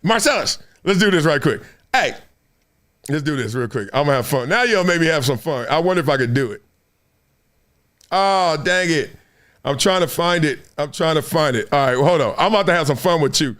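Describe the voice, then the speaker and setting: A man's voice: fairly high pitch, lively intonation, brisk, a bit bright. A man hosting a casual commentary stream in a joking, slangy, teasing way. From Southern California. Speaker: show host.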